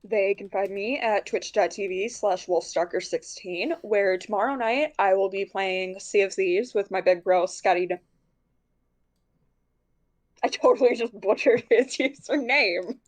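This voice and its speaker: A woman speaks casually about her gaming stream. She sounds a little tired and pauses often with fillers. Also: mid-range voice. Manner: tired, hesitant with many ums. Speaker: streamer guest.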